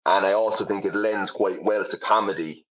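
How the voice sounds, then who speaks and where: Deep-voiced Irish man, chatty. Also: steady tone, moderate pace, fairly bright tone, muffled recording. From Ireland. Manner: chatty, self-deprecating, lots of fillers. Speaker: comedian guest. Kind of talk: casual interview chat.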